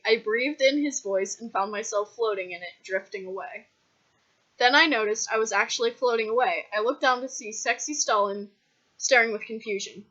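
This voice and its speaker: Bright-voiced woman reading comic fanfic. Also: mid-range voice, moderate pace. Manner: mock-dramatic, deadpan narration. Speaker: fanfiction reader. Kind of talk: comic dramatic story reading. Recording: dull lo-fi recording.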